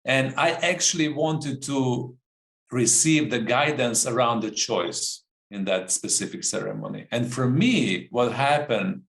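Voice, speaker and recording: A man's voice: mid-range voice, measured pace, vocal fry, a bit bright, roomy sound, low-quality recording. A man who works as a coach, talking earnestly about a personal experience in a reflective conversation. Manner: earnest, searching, repeats phrases for emphasis.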